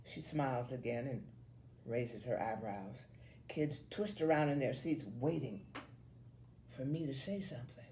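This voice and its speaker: A woman reading a children's novel aloud in an expressive, animated way. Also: very deep voice, unhurried, slight background noise. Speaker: story reader.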